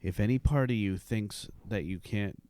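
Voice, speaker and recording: A man's voice: on the low side, moderate pace, warm tone, smooth, no echo, clean studio sound. A man chatting on a podcast, rambling with many restarts and frequent laughter. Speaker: podcast co-host. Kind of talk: casual chat.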